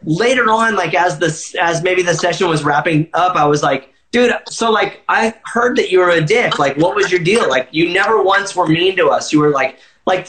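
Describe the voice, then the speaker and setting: A man's voice: fairly high pitch, a bit bright, echoey room, slight background noise, low-quality recording. A man guest telling a casual story in an interview, rambling with lots of filler words and swearing freely. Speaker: musician guest. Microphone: livestream phone or video call.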